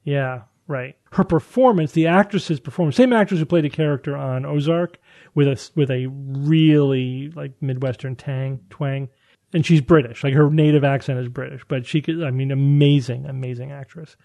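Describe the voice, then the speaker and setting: A man's voice: mid-range voice, moderate pace, vocal fry, dark tone, no room sound. A man hosting a casual science chat, explaining findings at length with frequent restarts and fillers.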